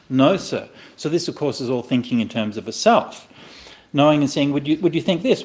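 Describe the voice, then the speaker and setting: A man teaching a Buddhist scripture to listeners in a conversational, animated way, often checking in with "right?" and making playful asides. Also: a little high, normal speed. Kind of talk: dharma talk explaining a scripture.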